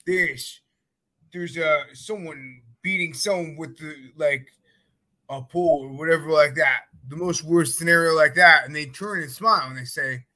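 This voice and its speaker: A man's voice: fairly high pitch, bright, forceful tone, rough recording. A man chatting casually, telling rambling stories full of fillers. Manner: loose, rambling storytelling with many fillers. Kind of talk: casual podcast chat.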